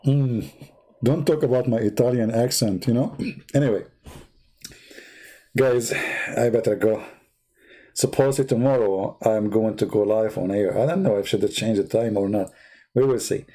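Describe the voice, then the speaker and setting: Man, livestream host, sarcastic, animated, nonstandard English, warm mellow tone. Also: on the low side, moderate pace, pauses often. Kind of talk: mocking religious commentary, casual.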